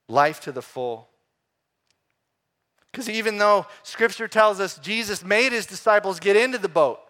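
Male preacher, slightly high voice, loud emphatic swings into near-whispered lines. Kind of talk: sermon.

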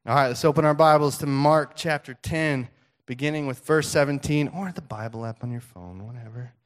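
A male pastor preaching a sermon in a conversational, animated storytelling way, with frequent restarts. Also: medium pitch, moderate pace.

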